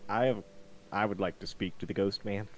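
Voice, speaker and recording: A man's voice: fairly low pitch, fairly even intonation, a little fast, slight background noise. A man playing a tabletop game, easygoing and asking rules questions. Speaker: player. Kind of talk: casual chat at a tabletop game.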